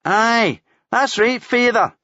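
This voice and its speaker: A man's voice: high voice, expressive, slow, bright, forceful tone, dry recording, highs cut off, voice pushed up, heavily acted. A man reading a novel aloud, voicing a cocky young male prisoner from Glasgow who talks in a mocking, swaggering, foul-mouthed way in a Glaswegian accent.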